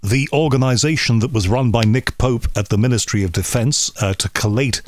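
A man hosting an interview, chatty and animated, his pitch jumping suddenly as he talks. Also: fairly quick, no room sound, studio quality. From United Kingdom. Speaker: radio interviewer. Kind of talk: conversational interview.

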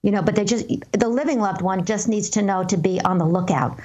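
A woman, a guest medium, answering interview questions and telling stories in a calm, earnest, measured way. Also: medium pitch, muffled recording.

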